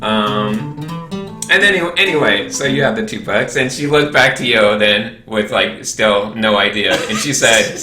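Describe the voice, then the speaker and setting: A man's voice: mid-range voice, moderate pace, roomy sound, recorded from a distance, over music. A young man hosting a casual podcast chat, telling a story and acting out the quotes. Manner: animated storyteller, acts out quotes. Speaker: podcast host.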